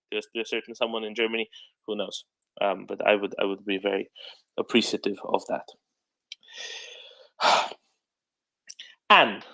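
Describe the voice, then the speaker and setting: A man's voice: fairly low pitch, little pitch movement, a little slow, vocal fry, long pauses, bright, forceful tone, low-quality recording. A man hosting a live audio discussion, talking casually in rambling bursts with many restarts. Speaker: host of a live audio space.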